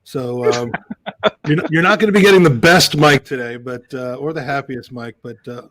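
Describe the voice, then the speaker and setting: A man's voice: medium pitch, normal speed, fairly bright tone, no echo. Dry, groggy male podcast guest. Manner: dry, self-mocking. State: groggy, unwell. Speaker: podcast co-host. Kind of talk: casual chat.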